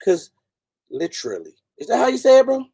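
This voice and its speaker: Man, livestream host, laid-back, greets chat, gravelly, dry close sound. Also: very high voice, racing, mellow, no echo. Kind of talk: casual live chat.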